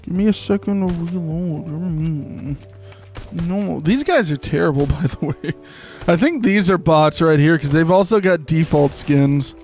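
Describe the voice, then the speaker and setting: A man's voice: on the high side, unhurried, darkish tone, faint music behind. A young man live-streaming a game, chatting in a rambling, jokey way. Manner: rambling, jokey, trails into silly voices. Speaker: gaming streamer. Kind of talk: casual live-stream chat while gaming.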